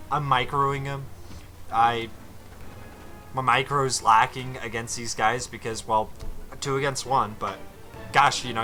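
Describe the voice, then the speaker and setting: A man's voice: medium pitch, sharp tone. A young man giving casual, exasperated commentary over his strategy game footage, swearing freely as he walks through a match. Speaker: gaming commentator.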